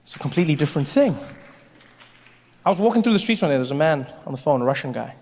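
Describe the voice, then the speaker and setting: A man's voice: on the high side, sing-song, rapid-fire, a little mellow. A man doing a stand-up set, talking directly to the audience in a chatty, conversational way. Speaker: stand-up comedian. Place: large venue, live audience. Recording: live hall with long reverb and faint crowd.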